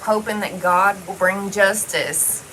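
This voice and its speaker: A woman's voice: mid-range voice, steady tone, takes it slowly, a bit bright, slight background noise, poor audio. A woman talking straight to the camera in a casual personal monologue, blunt and heavily profane, rambling loosely from one thought to the next. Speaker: vlogger.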